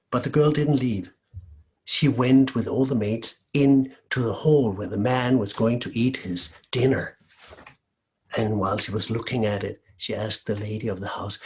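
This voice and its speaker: Expressive male storyteller from Denmark. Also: medium pitch, normal speed. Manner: lively, expressive. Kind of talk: oral folk-tale storytelling.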